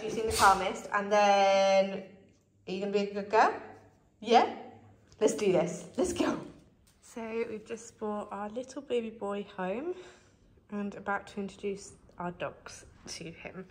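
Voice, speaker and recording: A woman's voice: mid-range voice, steady tone, unhurried, crowd noise. A woman filming at home, talking to her dogs in a coaxing, sing-song way as she introduces them to her newborn. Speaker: dog owner and new mother. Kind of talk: casual home vlog. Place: home, indoors.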